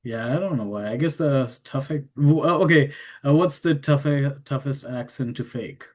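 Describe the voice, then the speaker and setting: A man's voice: mid-range voice, moderate pace. A man interviewing a voice professional, asking casual questions that he often restarts, with light laughs.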